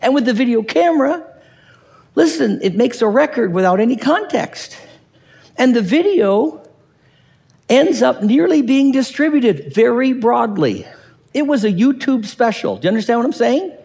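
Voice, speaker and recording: High-voiced gravelly preacher guy, swings his pitch all over, church hall echo. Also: moderate pace. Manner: animated, acts out quoted voices, asks the audience questions. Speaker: pastor. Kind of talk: sermon.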